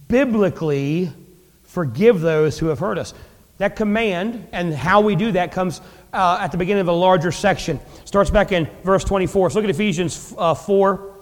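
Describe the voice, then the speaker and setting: A man preaching a sermon as pastor, talking conversationally with humor, rising and dropping sharply for emphasis. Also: long reverb tail. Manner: conversational preaching with dramatic pitch swings and asides.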